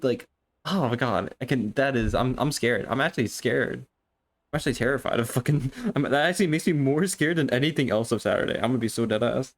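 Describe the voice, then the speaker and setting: A young man chatting casually on a live stream, excitable and rambling, swearing often and restarting his sentences. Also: medium pitch, fairly quick.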